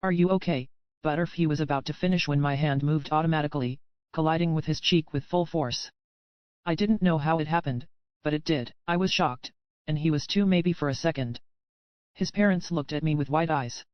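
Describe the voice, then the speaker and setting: A woman narrating a first-person romance audiobook in a steady storytelling manner, heard as dry, slightly dull audio. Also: low-pitched, no room sound.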